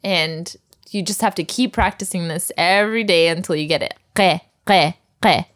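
A woman's voice: fairly low pitch, brisk, a bit bright. A woman teaching vocabulary to a learner, patient and encouraging, often laughing. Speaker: language teacher.

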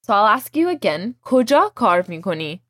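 Lively, patient woman teaching a language. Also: medium pitch, fast, no echo, clean studio sound. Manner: patient, explains and drills phrases. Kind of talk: language lesson.

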